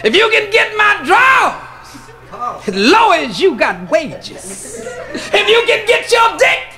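A defiant, sharp-tongued woman, as a male comedian puts her on, setting out terms in a very high, bright voice. She speaks slowly and cuttingly, climbing into shouts. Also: wildly swooping pitch, soft background music, heavily acted. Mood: scornful.

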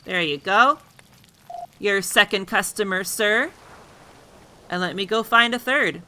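A chatty woman streamer playing a game with excitable commentary. Her voice is bright and lively, and she talks straight to the characters. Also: medium pitch, slow, a little hiss or hum, low-quality recording. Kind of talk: casual playthrough commentary.

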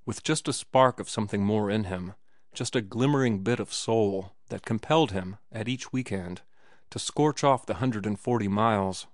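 A man narrating an audiobook in a measured, phrase-by-phrase reading. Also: on the low side, dry recording, clean studio sound. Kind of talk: scripted narration.

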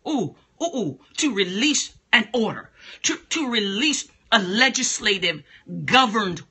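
Woman preacher going full fire, repeats herself, exclaims a lot, bright edgy voice. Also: fairly high pitch, expressive, measured pace, breathy edge. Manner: emphatic, exclamatory, repeats phrases. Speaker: preacher and speaking coach. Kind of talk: energetic preaching monologue.

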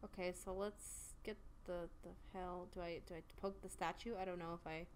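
A woman commenting on her gameplay, profane and excitable, with loud exclamatory reactions. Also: on the low side, moderate pace, a little hiss or hum. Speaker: let's play gamer.

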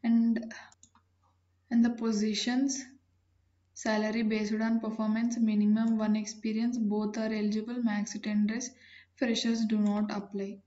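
A woman, hosting a channel and reading out job listings in a plain, businesslike way with frequent pauses. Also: medium pitch, little pitch movement, mellow, highs cut off.

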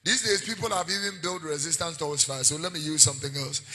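A man preaching a sermon with a Ghanaian accent, shouting out warnings and switching between Twi and English. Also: fairly high pitch, fast, poor audio. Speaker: prophet preaching.

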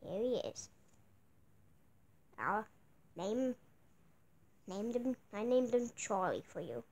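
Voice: medium pitch, sing-song, takes it slowly, darkish tone. A performer in a comedy skit who plays an exasperated adult, talking sarcastically and cursing.

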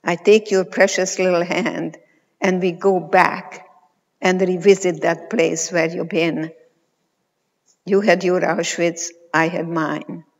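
A woman in her eighties, a psychologist, giving a motivational conference talk, telling stories slowly and emphatically with pauses. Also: lowish voice, level tone. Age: 80s. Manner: slow, emphatic storytelling with pauses. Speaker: keynote speaker, psychologist. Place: large conference hall. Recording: reverberant hall, muffled sound.

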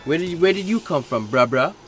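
A man's voice: on the high side, lively intonation, quick pace, fairly bright tone, soft background music. A man co-hosting a reaction video, chatting casually with slangy asides and frequent laughter.

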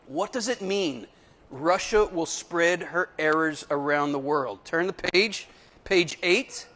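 Middle-aged male Catholic speaker, animated storyteller addressing a crowd, echoing hall. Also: on the high side. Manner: animated storyteller, playful asides. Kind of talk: live talk to an audience. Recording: long hall reverb.

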